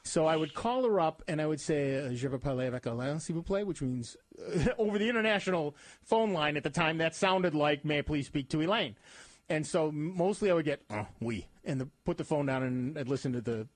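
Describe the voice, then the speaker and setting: A man's voice: a little high, fairly quick, dry recording. A man hosting a radio talk show, chatting casually and telling rambling, self-mocking stories. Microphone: studio microphone.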